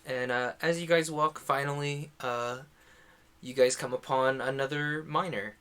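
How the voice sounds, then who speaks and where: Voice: medium pitch, fairly even intonation, measured pace, fairly bright tone, clear, resonant tone. A game master narrating a tabletop game in a rambling, playful way with many fillers. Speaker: dungeon master.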